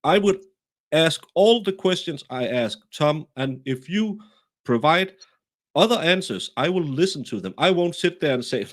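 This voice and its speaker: Animated Danish man, fairly high voice. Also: measured pace. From Denmark. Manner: animated, self-deprecating, frequent restarts. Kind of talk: casual true-crime discussion.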